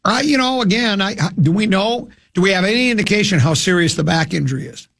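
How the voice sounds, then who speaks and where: A man hosting sports talk radio, rambling and opinionated, with frequent halting restarts. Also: high-pitched, expressive, vocal fry, fairly bright tone.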